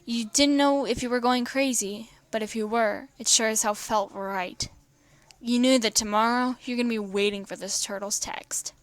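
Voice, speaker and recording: A woman's voice: fairly high pitch, steady tone, moderate pace, no echo. A woman reading a fan story aloud, often tripping over words and correcting herself. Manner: stumbling, often correcting herself mid-word. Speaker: fan fiction reader.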